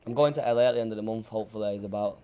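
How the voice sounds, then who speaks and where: A man's voice: on the low side, racing, mellow, smooth. A young man with a Manchester accent chatting casually in an interview, slangy and laid-back, often repeating himself. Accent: Northern English, Manchester. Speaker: rapper being interviewed. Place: interview room in Berlin.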